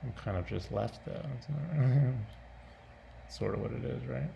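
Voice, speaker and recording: A man's voice: mid-range voice, unhurried, gravelly, warm tone, muffled recording, a little hiss or hum. A man talking off the cuff in a casual vlog, rambling, breaking off mid-thought and laughing often.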